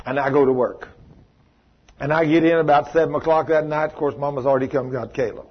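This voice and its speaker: A man preaching, telling stories in a folksy, animated way and acting out the voices in them. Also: a little high, fast talker, slightly rough. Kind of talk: sermon storytelling. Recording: muffled lo-fi recording.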